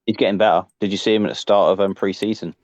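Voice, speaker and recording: A man's voice: lowish voice, fairly even intonation, very fast, a little mellow, no echo, dull audio. A man co-hosting a casual football podcast, chatty and teasing, joking around with his co-host. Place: lives in Liverpool.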